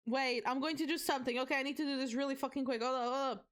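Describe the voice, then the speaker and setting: Racing along with hardly any pauses, a young woman with a high-sitting voice and a Portuguese accent chats with her live-stream viewers while putting together a set. She's from Portugal, animated and talkative, and reacts to the chat.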